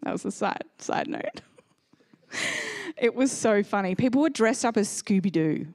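A woman in her thirties preaching a sermon as a pastor, telling stories in an animated way and acting out the people in them. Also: medium pitch, moderate pace, dry recording. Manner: animated storyteller, acts out characters.

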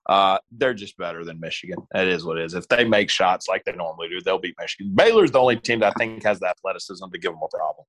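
A man with a fairly low voice talks sports on a casual podcast. His delivery is dry and matter-of-fact. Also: lively intonation, fast, hardly any pauses, fairly bright tone. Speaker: podcast co-host.

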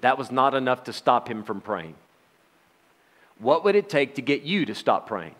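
A man's voice: mid-range voice, very animated, normal speed, a bit bright, big-room sound. Man, middle-aged, Bible teacher, conversational sermon, rhetorical questions, wry humor. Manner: conversational, asks rhetorical questions, laughs, sarcastic asides.

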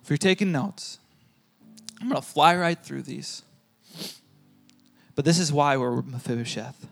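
A male pastor preaching a sermon, emphatic, repeating key phrases and swinging between loud and soft. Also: fairly high pitch, measured pace, vocal fry, faint music behind. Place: church hall with a congregation.

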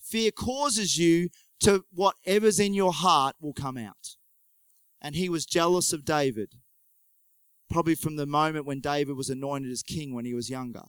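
A man preaching in a high, smooth and resonant voice. He tells the story conversationally, with animated delivery and quick joking asides. The sound is dry and close, with no room around it. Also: dry recording, poor audio. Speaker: pastor. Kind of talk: conversational sermon.

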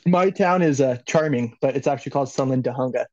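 A man's voice: medium pitch, quick pace, a little mellow, dry recording, lo-fi sound. Joking, laughing man telling a story. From Los Angeles, California. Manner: laughs often, loose and joking, swears, many "like"s. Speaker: podcast guest. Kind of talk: casual storytelling.

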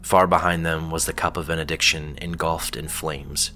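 A man narrating a fantasy story in a measured, steady storytelling manner. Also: very deep voice, soft background music.

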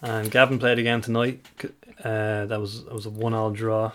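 A man co-hosting a casual football podcast, sharing news in a measured, dryly humorous way. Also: on the low side, flat delivery, slight background noise. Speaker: podcast co-host.

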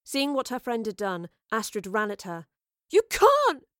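Reading an audiobook, a woman keeps her delivery measured and expressive. She has a mid-range voice, captured in a dry, studio-quality recording.

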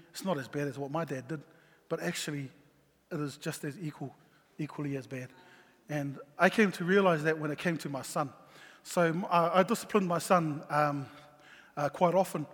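A man's voice: fairly high pitch, fairly bright tone. Earnest father telling a story in a hall. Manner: halting, full of ums and restarts, earnest. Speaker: father sharing a personal story. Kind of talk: personal testimony talk.

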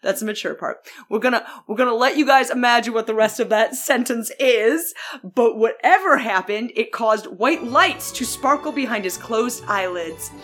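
A woman's voice: fairly high pitch, moderate pace, a bit bright, faint music behind. Playful woman reading fanfiction aloud. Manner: playful, laughs often, mock-serious. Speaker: podcast co-host.

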